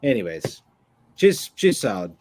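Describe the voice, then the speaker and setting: A man's voice: medium pitch, big pitch swings, a little slow, darkish tone, a little hiss or hum. A man hosting a casual livestream chat show, rambling with crude jokes. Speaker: show host.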